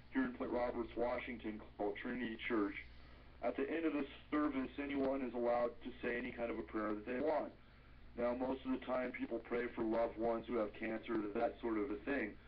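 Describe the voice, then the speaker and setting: A man on a radio interview, calmly and deliberately telling a personal story. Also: medium pitch. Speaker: radio guest. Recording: muffled radio audio with faint hiss.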